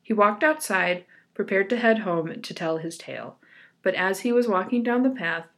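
A woman's voice: mid-range voice, animated, moderate pace. A woman co-hosting a casual chat, reading a folk tale aloud and giggling often. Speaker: podcast co-host.

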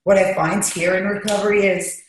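A woman's voice: medium pitch, level tone, fairly quick, a little hiss or hum. A woman guest speaking candidly and emotionally in an interview, recorded at a recovery treatment center. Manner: emotional, confessional, emphatic. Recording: very echoey room.

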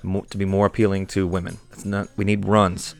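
A man's voice: low voice, little pitch movement, fairly quick, creaky. A man hosting an improvised comedy rant, talking in an exasperated, profane and irritable way.

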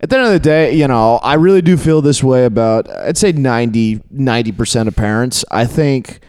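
A man hosting a casual chat, relaxed and reflective, offering his views. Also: mid-range voice, a little fast, smooth, no echo, studio quality. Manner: relaxed, reflective, frequent short agreements.

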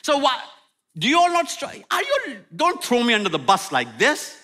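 A middle-aged man preaching a sermon with humor, swinging from loud outbursts to near-whispers. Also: very high-pitched, moderate pace. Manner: animated, humorous preaching with sudden loud and soft turns. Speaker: pastor.

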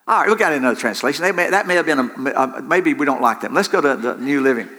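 A male preacher speaks in a high, animated voice, quick, bright and forceful. His sermon is full of restarted, repeated phrases, and he brings the congregation in with call-and-response.

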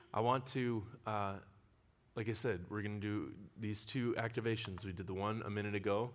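A male pastor preaching a sermon with personal stories, telling them in an animated way and laughing often. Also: fairly low pitch. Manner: animated storyteller who laughs often while talking.

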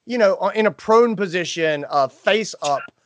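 A middle-aged man co-hosts a podcast, telling a story in a loose, chatty way. His pitch swings widely, and he jumps into high voices when he quotes people. The sound is dry and close to the mic. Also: lively intonation, normal speed, no room sound. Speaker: podcast co-host. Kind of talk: casual storytelling chat.

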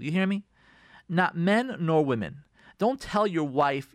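A man hosting a radio show, giving marriage advice in an animated way and acting out arguing spouses. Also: fairly high pitch, moderate pace, no echo, clean studio sound. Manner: lively, acts out quoted spouses in raised voice.

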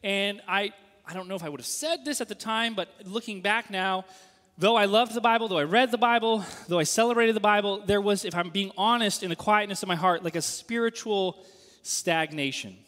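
A man in his thirties telling a story in a sermon, animated and acting out the voices of the people he quotes. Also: high voice, a little fast, big-room sound.

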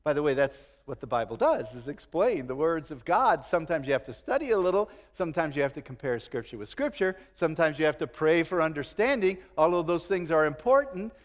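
A middle-aged man preaching a sermon, animated, acting out quotes and chuckling now and then. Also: on the high side, brisk, few pauses, in a large hall. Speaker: pastor.

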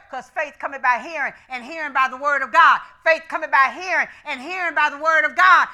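Woman pastor preaching hard, high bright voice, black speech, shouts a lot. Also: moderate pace, hardly any pauses. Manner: shouting, call-and-response preaching. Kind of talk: sermon.

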